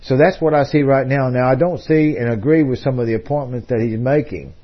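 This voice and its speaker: A man's voice: medium pitch, a little fast, breathy edge, highs cut off. A man hosting a talk radio program, telling a long story in a discursive way with frequent fillers and restarts. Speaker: radio host.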